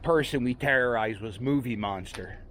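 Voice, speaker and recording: A man's voice: medium pitch, moderate pace, fairly bright tone, slight background noise. A man walking outdoors on a city street, chatting casually and rambling as he hosts a walking vlog. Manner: chatty, rambling, self-deprecating. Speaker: vlogger walking tour host.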